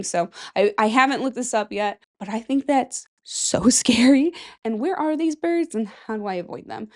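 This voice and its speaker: A woman's voice: fairly high pitch, lively intonation, moderate pace, few pauses, darkish tone. A woman in her thirties hosting a casual solo podcast, rambling and chatty and swearing freely. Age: 30s. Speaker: podcast host.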